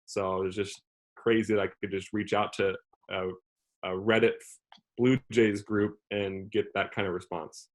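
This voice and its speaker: Young male athlete guest, lower-pitched, chatty and rambling, lots of "like" fillers. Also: flat delivery, moderate pace. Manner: rambling, heavy use of "like" as filler. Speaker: relief pitcher, interview guest. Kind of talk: casual interview talk.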